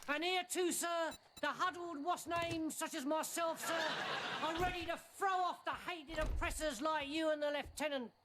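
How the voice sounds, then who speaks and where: An actor playing a simple-minded soldier who earnestly calls everyone sir, in a noisy TV recording. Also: male voice, very high voice, fairly even intonation, moderate pace. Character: dim-witted lowly male soldier, eager servant. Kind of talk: sitcom acting. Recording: noisy TV audio with studio laughter.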